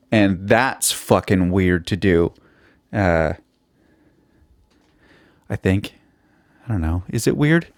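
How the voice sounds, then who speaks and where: Solo podcast host, male, lowish voice, dry booth sound; loose, foul-mouthed, self-deprecating comic rambling. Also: no echo. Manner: rambling, profane and self-mocking. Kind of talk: casual comedic monologue.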